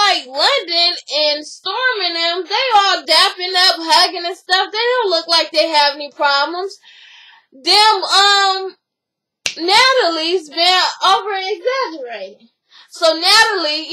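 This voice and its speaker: A woman's voice: very high voice, sharp tone, low-quality recording. A woman casually retelling drama between friends, rambling and swearing freely with lots of fillers. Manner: rambling, profane, fast storytelling with many fillers. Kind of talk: casual gossip recap.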